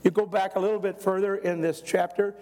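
A man's voice: high-pitched, fairly quick. Older male pastor in a reverberant hall. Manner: folksy, animated storyteller who acts out voices. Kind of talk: sermon with personal storytelling.

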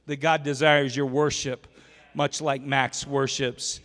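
A man's voice: mid-range voice, little pitch movement, takes it slowly, a bit bright. A man preaching a sermon in a church, telling folksy stories and joking with the congregation. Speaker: pastor. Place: church sanctuary. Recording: long reverb of a church hall.

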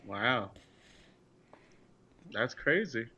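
A man's voice: mid-range voice, animated, very slow, sharp tone. A man co-hosting a podcast in casual chat, wisecracking and laughing a lot. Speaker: podcast co-host. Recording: slightly dull lo-fi sound.

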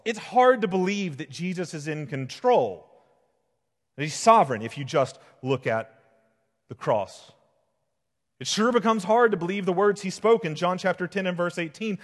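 A male pastor in his thirties delivers an earnest sermon, his voice a touch higher than most men's. He swells to emphatic peaks and falls to hushed, quiet stretches. The sound carries a long hall reverb from a church sanctuary. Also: animated, measured pace, long pauses.

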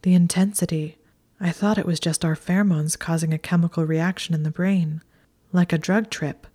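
A woman's voice: on the low side, steady tone, moderate pace, mellow, close to an everyday voice. A woman voicing a clever, flustered young witch, speaking anxiously and earnestly in whispered role-play. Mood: musing.

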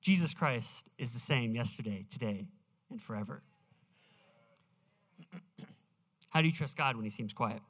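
A man preaching a sermon in a church, earnest and deliberate, slowing down to read scripture with emphasis. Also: mid-range voice, fairly bright tone. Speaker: pastor. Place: church sanctuary. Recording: reverberant church hall.

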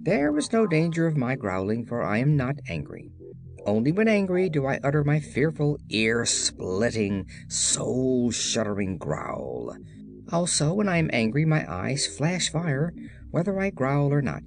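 A reader voicing a big, boastful male beast who is touchy and proud, raising the pitch for emphasis in a storybook reading with faint music behind. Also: sing-song, a little slow, gravelly. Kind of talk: audiobook character voice.

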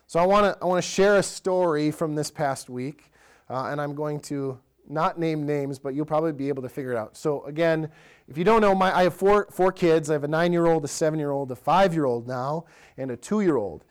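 A pastor in his thirties gives a conversational sermon in a church, telling stories in a relaxed way and asking the congregation direct questions. His voice is fairly high and fairly quick, with a clean tone.

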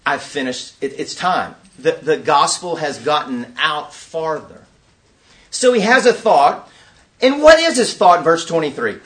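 A man leading an interactive teaching session at a conference, quizzing his audience in an animated way. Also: a little high, unhurried. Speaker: workshop teacher.

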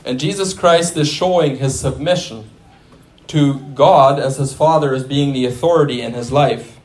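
A man's voice: mid-range voice, moderate pace, a little mellow. A man preaching a sermon in a conversational way, with restarts and asides to the congregation.

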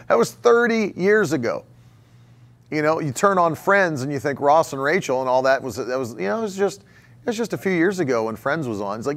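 A man's voice: sits high, expressive, normal speed. Chatty man preaching a casual sermon. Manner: conversational, repeats phrases for emphasis; chuckles often while preaching. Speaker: pastor.

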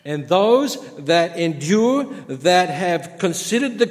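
A man's voice: high-pitched, big pitch swings, slow. A man preaching a sermon, earnest, building his points through repeated phrases. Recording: long hall reverb.

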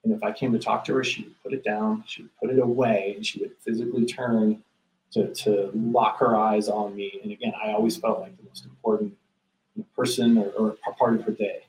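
A man's voice: lowish voice, flat delivery, fairly quick, a little mellow, reverberant, poor audio. A man hosting a casual business talk, earnest, often repeating words as he starts a sentence. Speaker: podcast host.

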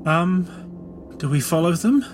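A man player in a tabletop game, asking quick, practical questions. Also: fairly high pitch, animated, music in the background. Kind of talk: casual game play.

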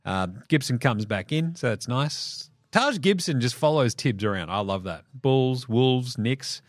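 An Australian man hosting a basketball podcast, ranting in an animated, profane way and laughing between jokes. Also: mid-range voice, measured pace, no echo, studio quality. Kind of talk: solo sports podcast rant.

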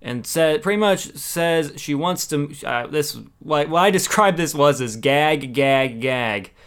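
A man's voice: fairly high pitch, animated, slow pace, a bit bright, smooth. A man giving a casual, opinionated recap of a wrestling show, with exasperated asides.

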